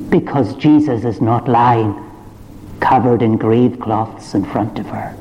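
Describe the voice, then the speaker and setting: A man's voice: medium pitch, measured pace, mellow. A man preaching a sermon, retelling the story with rising fervour. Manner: impassioned, rising to fervent climaxes. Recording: dull reverberant church recording.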